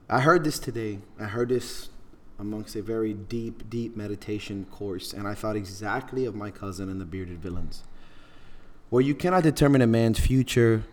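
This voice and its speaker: A man's voice: on the low side, moderate pace. A man hosting a podcast, telling a story in an earnest, heartfelt way with frequent repeats. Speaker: podcast host. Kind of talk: casual podcast talk.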